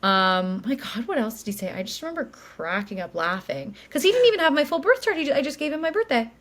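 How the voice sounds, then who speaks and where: A woman in her late twenties, co-hosting a podcast, with a high, sing-song voice that's a bit bright and moves at a quick pace. She calls herself a yapper and rambles through a story in casual chat, sprinkling in lots of likes and ums.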